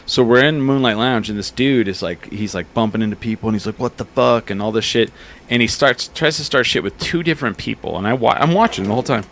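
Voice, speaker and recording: Profane storytelling man, low voice. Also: fast talker, a little hiss or hum. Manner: profane, animated storyteller acting out bar fights. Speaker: podcast host. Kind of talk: casual storytelling chat.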